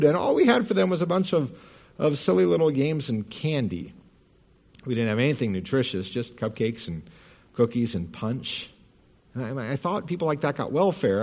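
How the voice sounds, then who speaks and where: A man voicing a troubled young college woman who speaks haltingly and stammers. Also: on the high side, creaky, darkish tone, voice pushed up.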